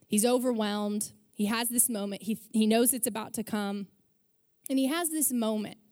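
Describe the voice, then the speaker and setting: A woman pastor preaching a sermon, telling stories with animated energy and briefly acting out the people she quotes. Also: fairly high pitch, moderate pace, big-room sound. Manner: animated storytelling, acts out quoted voices.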